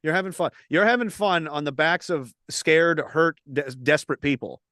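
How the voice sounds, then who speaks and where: A man's voice: on the high side, normal speed, bright, forceful tone, no echo, studio quality. A man hosting a casual satirical talk stream, ranting and mocking with plenty of swearing. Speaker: host.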